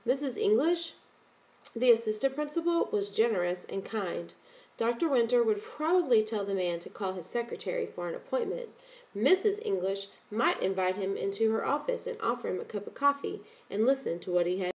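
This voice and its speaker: Woman narrator for an audiobook; steady, measured reading at a middle pitch. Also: low-quality recording.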